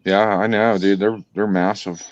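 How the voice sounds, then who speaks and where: A man's voice: on the low side, moderate pace, dull audio. A man telling a hunting story in casual chat, swearing a lot and acting out the voices. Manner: profane, animated, acts out voices.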